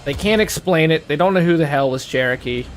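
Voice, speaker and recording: A man's voice: on the high side, brisk, soft background music. A man co-hosting a gameplay video, rambling earnestly in casual chat and swearing freely. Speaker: let's play co-host. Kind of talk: casual chat while gaming.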